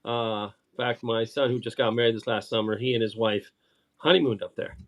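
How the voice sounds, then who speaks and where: A middle-aged man talks casually, stopping and restarting often and filling gaps with ums and uhs. His voice sits at an ordinary pitch. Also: fairly even intonation. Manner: halting, many fillers and restarts. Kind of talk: casual chat.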